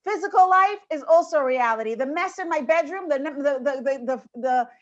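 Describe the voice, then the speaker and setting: A woman moderating a women's panel on a video call, giving an informal Torah talk in an animated storytelling manner. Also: high-pitched, moderate pace. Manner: animated storyteller, switches voices for quoted animals. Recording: dull lo-fi video call audio.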